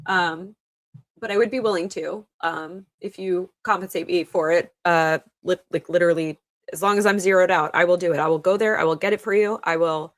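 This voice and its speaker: A young woman hosts a casual livestream, reading viewer comments aloud and answering them. Her voice sits a little low for a woman, and she talks in a loose, chatty way with frequent laughs and ums. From New York State. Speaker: livestream host.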